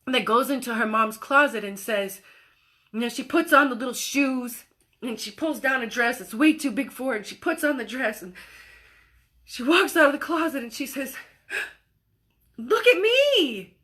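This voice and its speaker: Woman motivational coach, high bright voice, expressive and emphatic, livestream talk. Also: normal speed. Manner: expressive, acts out quoted voices; emphatic repetition. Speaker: spiritual coach.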